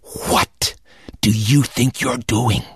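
A man's voice: mid-range voice, sing-song, a little fast, no echo. Casting: a strict, clipped schoolteacher, as a male storyteller puts her on, scolding and curt, dry close sound. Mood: hissing. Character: stern, strict older female schoolteacher.

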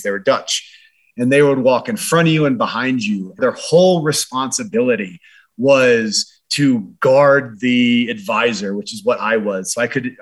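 A man's voice: mid-range voice, a bit bright. Earnest man telling faith stories. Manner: earnest, frequent fillers like "you know" and "like". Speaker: interview guest, former military advisor. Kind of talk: reflective conversational storytelling.

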